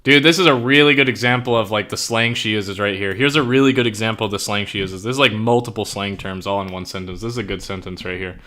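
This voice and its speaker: A young man streams while writing, chatting in a loose, profane way and using "like" and "bro" constantly as he eagerly explains slang. His fairly low voice is pushed and bright, and he talks fast with few pauses.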